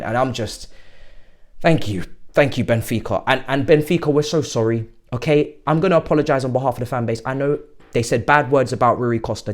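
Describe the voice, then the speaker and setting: A young man, hosting a football fan channel, giddy and excitable, with sudden loud outbursts. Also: medium pitch. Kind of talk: excited fan reaction monologue.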